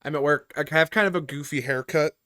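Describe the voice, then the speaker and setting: Over voice chat from a room at home, a fast-talking podcast host with a mid-range voice chats casually and tells work stories. An animated storyteller, he swears freely and voices the people involved.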